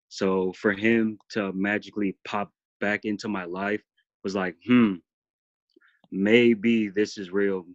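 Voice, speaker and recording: A man with a fairly low voice speaks with heartfelt earnestness on a group video call, circling back over his words. The audio is dull and muffled in a dry, close room. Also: no room sound. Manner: heartfelt, earnest, repeats himself. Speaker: team member sharing his story. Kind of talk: emotional testimony on a group call.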